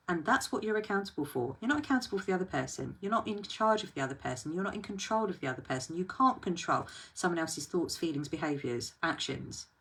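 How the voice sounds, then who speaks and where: A woman with a lowish, husky voice talks to the camera as a coach. She thinks aloud in an earnest way and speaks directly to the viewer. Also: fairly bright tone. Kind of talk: reflective talk to camera.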